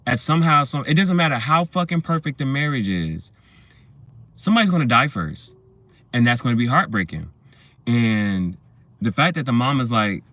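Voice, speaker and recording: A man's voice: medium pitch, a bit bright, no echo. A man casually reviewing a movie, rambling through scenes with plenty of swearing and laughter. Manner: rambling, profane, laughs while retelling scenes.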